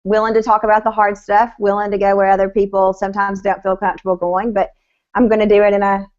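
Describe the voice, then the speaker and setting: A woman's voice: medium pitch, level tone, fast, darkish tone, muffled recording. A woman with a Southern American accent, a sales coach telling her story in a video interview. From Southern United States.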